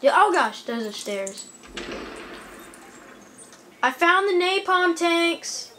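A woman giving chatty, excitable let's play commentary at home, talking back at the enemies on screen. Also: extremely high pitch, slow pace, slight background noise. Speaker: gaming YouTuber.

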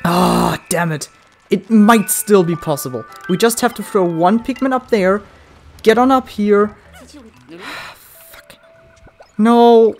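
A let's play gamer commentating, swearing a lot, yelling at the game and then muttering to themself. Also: medium pitch, takes it slowly, vocal fry, pauses often, soft background music.

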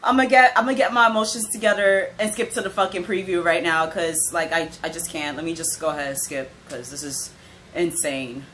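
A young woman casually reacting to an anime episode, excitable and giggly, swearing now and then. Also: fairly low pitch, brisk, slight background noise, poor audio.

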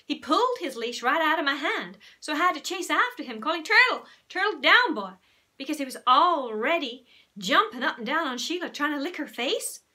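A young woman, a primary school teacher, reading a children's novel aloud expressively and pausing to explain things. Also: high voice, animated, bright, forceful tone.

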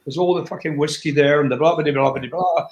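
A man's voice: a little high, fairly even intonation, quick pace, darkish tone, muffled recording. An older man, a rock singer speaking as an interview guest in a candid, blunt chat, swearing freely. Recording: roomy echo.

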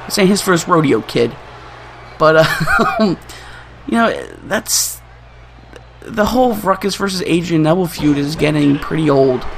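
A young man hosting a gaming channel, giving excitable, trash-talking gameplay commentary and laughing often. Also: a little high, a little slow, creaky, long pauses, slight background noise.

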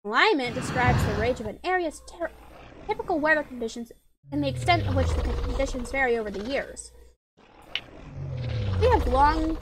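Over loud game music and background noise, a female gamer reads quest text aloud and chats and giggles her way through an online dragon game. Her voice is high.

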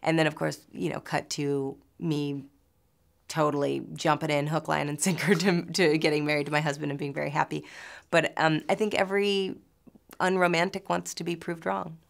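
A woman's voice: deep voice, flat delivery, normal speed, creaky. A woman from New York in her thirties, an actress answering interview questions in a chatty way, full of fillers and restarts.

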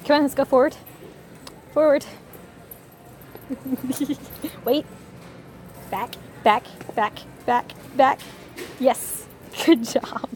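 A woman's voice: high-pitched, drawn-out words, pauses often, a little mellow. A young woman vlogging with her service dog. She coos at him in a sing-song baby voice and gives him short commands. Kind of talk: casual vlog, giving dog commands. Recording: background noise.

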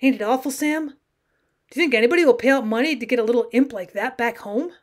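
A woman voicing a nervous, rattled outlaw kidnapper for a storybook reading, loud and pleading. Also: a little high, fast, lightly acted. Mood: accusing. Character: nervous rough grown man, an outlaw kidnapper.

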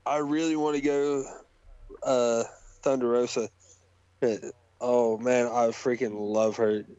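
Male panelist, unhurried and hesitant, dull dry recording. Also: medium pitch, flat delivery, dark tone, clear, resonant tone, dry recording. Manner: hesitant, torn, many fillers. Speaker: podcast panelist. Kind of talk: casual wrestling podcast chat.

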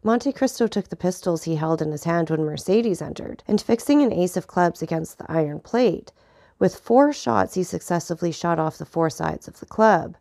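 A woman narrating an audiobook of a classic novel in a steady, clear reading voice. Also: lowish voice, moderate pace, dry recording, studio quality.

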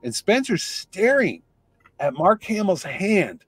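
A man telling a lively anecdote in casual conversation, acting out the voices of the people in his story. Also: high-pitched, slow, breathy edge, no echo. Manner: animated anecdote teller, acts out voices in quotes. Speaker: comic convention organizer.

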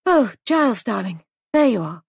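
A woman voicing an anxious young wife who runs a guest house, raising her voice higher and speaking in a worried, plaintive way. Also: animated, moderate pace, no room sound, studio quality. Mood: fretful.

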